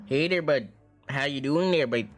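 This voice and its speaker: A man's voice: mid-range voice, normal speed, faint music behind, close to an everyday voice. A man voicing a friendly park ranger with a put-on Minnesotan accent, folksy and drawn out.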